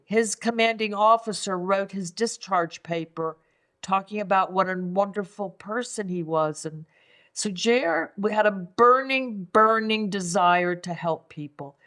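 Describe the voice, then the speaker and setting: Guesting on a conversational podcast, this older woman from England works as a five element acupuncturist. She talks at a measured pace in a mid-range, slightly bright voice, thinking aloud and repeating words as she hunts for the right ones.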